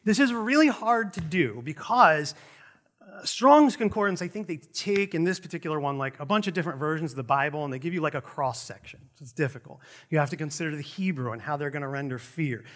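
A middle-aged man preaching a sermon in a conversational way, with joking asides about himself. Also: sits high. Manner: animated, conversational, self-deprecating asides. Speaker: pastor.

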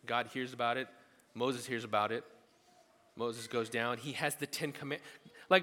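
A male pastor preaching a sermon at a church service, telling the story casually with animated asides. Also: mid-range voice, moderate pace. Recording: long hall reverb.

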